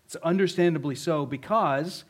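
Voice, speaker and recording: A man's voice: a little high, normal speed. A male pastor preaching a conversational sermon, telling a story vividly and asking the congregation rhetorical questions.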